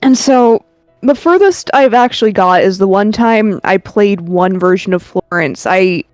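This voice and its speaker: Slow-talking woman streamer, dry close sound. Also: medium pitch, no echo, soft background music. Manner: slow, relaxed, rambling with ums and swearing. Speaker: streamer, artist. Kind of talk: casual chat while drawing.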